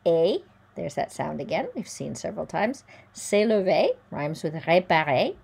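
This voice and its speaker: A woman teacher giving a careful pronunciation lesson. She says each French word slowly and distinctly, then explains it in plain English. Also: sits low, big pitch swings, darkish tone. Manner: sounds out French words slowly and clearly, then explains them. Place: recording at home or in a classroom with a virtual whiteboard.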